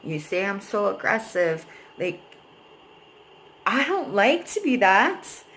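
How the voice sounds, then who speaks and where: A woman's voice: mid-range voice, very animated, takes it slowly, a bit bright, a little hiss or hum, rough recording. A young adult woman vlogging, venting at length about a painful breakup in a rambling, emotional way and swearing freely. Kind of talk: personal venting vlog.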